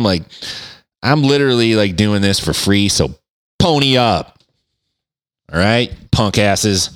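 A man hosting a podcast from his den into a microphone, ranting in a profane, sarcastic, animated way. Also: lowish voice, dry recording, clean studio sound. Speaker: podcast host. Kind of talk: casual comedic rant. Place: home den. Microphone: studio microphone.

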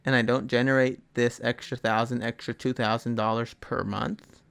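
A man's voice: mid-range voice, level tone, moderate pace, gravelly, a bit bright, clear, resonant tone. A young man hosting a podcast, delivering a blunt, rambling motivational monologue full of swearing. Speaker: podcast host.

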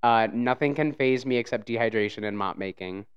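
A podcast host in easygoing chat, telling rambling, animated stories. The voice is clear and smooth and sits at a middling pitch. Now and then the host slips into silly put-on voices. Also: a little fast, highs cut off. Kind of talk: casual chat.

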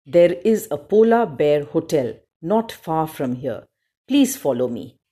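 A woman doing a gruff, kindly she-bear. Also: low-pitched, big pitch swings, slow pace, dark tone, exaggerated voice. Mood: gruff, welcoming. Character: gruff but kind female polar bear. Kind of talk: storybook reading.

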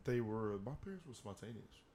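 A man co-hosting a podcast, telling a profane story with animated energy. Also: on the low side, fairly quick, crowd noise. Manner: animated, profane storyteller who acts out the scenes. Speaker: podcast co-host. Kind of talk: casual chat, telling a funny story.

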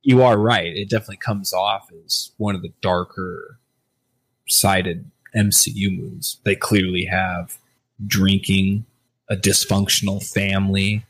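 A man with a low voice in casual podcast chat. He rambles loosely, circles back on his thoughts and swears casually. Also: level tone, measured pace, a bit bright, breathy edge, no echo. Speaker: podcast co-host.

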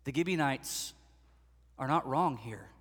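A male pastor preaching a sermon in a lively storytelling way, acting out the voices of the people he quotes. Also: mid-range voice, measured pace, slightly rough, in a large hall.

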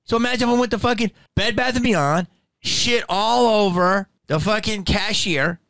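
A man's voice: high-pitched, normal speed, a bit bright, clean tone, dry recording. A man who is a stand-up comedian, ranting to camera in a profane, heated and indignant way.

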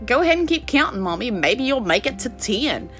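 A woman's voice: medium pitch, very animated, slow pace, faint music behind. A woman putting on the voice of a cheeky, blunt little girl of about three. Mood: sassy. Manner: sassy, tattling child voice.

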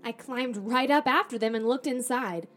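A woman podcast host reading a children's storybook aloud in the first person, animated, with acted dialogue. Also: fairly high pitch, moderate pace.

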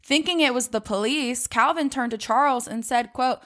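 Woman, young adult, podcast co-host, casual storytelling, chatty with fillers, fairly high voice. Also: moderate pace, a bit bright. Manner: chatty, swearing, many "like" fillers.

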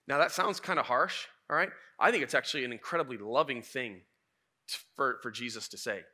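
A man preaching a sermon as a pastor, telling stories in a lively, casual way. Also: mid-range voice. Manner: animated, casual storytelling preacher.

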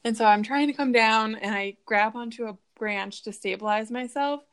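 A woman's voice: on the high side, normal speed. Laughing young woman hosting a podcast. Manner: friendly, laughs often, asks questions. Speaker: podcast co-host asking questions. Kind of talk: casual podcast chat.

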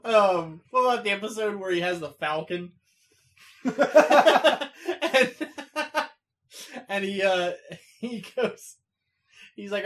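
Man, slightly high pitch, casual chat, rambling, laughs often. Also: animated, slow pace, long pauses, fairly bright tone. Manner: rambling, laughs often, quotes cartoon lines.

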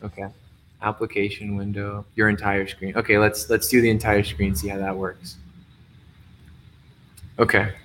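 A man's voice: on the low side, monotone, normal speed, long pauses, fairly bright tone, slight background noise. Hesitant man explaining a multilingual poem. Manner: hesitant, repeats words and restarts often. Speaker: poet guest. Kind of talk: casual explanation and poem reading. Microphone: video call.

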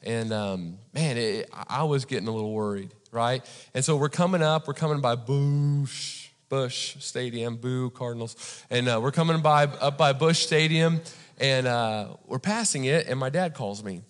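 A pastor from Indiana gives a sermon, telling a story in a chatty way and often asking the crowd "right?". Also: male voice, mid-range voice, moderate pace. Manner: conversational, repeats "right?" for the audience. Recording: long hall reverb.

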